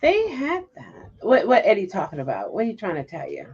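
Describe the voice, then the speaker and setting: A woman's voice: mid-range voice, huge pitch swings, brisk, a little mellow, slightly rough. A woman in a casual chat, reacting with exclamations and laughter. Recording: dull lo-fi sound.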